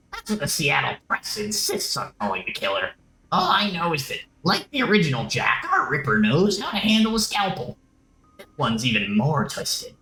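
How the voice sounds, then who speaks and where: A man's voice: fairly high pitch, pushed and bright, roomy sound, slight background noise, heavily acted, poor audio. A man voicing a small dwarf coroner with a dry, clinical, matter-of-fact delivery in a game playthrough. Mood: explaining.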